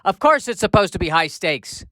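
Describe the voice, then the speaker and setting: A man hosts a comedic podcast, his voice sitting a touch higher than most men's. He rambles from joke to joke with wry, self-deprecating asides. The sound is close and dry, with no room echo. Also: sharp tone. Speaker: podcast host.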